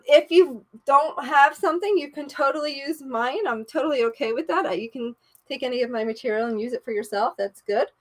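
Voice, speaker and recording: A woman's voice: a little high, a bit bright. A woman life coach leading a live-streamed coaching session, playful and encouraging in a chatty way.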